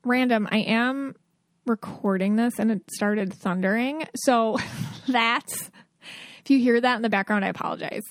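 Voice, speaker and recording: A woman's voice: on the high side, a little slow, no echo, clean studio sound. A woman in her thirties hosting a podcast, giving earnest, chatty advice in a casual, rambling way. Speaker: podcast host. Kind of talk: casual solo podcast talk.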